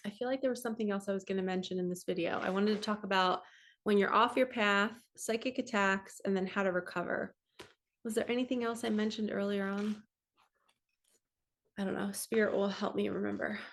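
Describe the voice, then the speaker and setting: A woman's voice: mid-range voice, steady tone, a little fast, a little hiss or hum. A woman spiritual coach talking casually into her computer camera, reading passages aloud and commenting on them. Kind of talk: casual spiritual teaching vlog. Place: home, in front of a computer.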